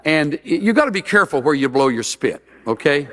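A man's voice: on the high side, sing-song, fairly quick, fairly bright tone. A man preaching a sermon as a pastor, mixing humorous stories with earnest appeals.

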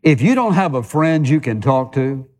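A male pastor giving a sermon in a church, talking conversationally and piling up repeated phrases for emphasis, slowing down on key words and speeding through the runs between them. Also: mid-range voice, sing-song. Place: church sanctuary. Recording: long hall reverb.

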